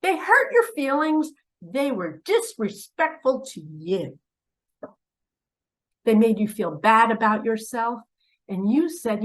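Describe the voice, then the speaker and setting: Woman spiritual teacher addressing camera; theatrical, unhurried, hushed asides and pointed questions. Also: fairly high pitch, big pitch swings, low-quality recording. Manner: dramatic, swinging from loud urging to hushed asides; preachy, asks the listener pointed questions. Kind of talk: direct-to-camera spiritual talk.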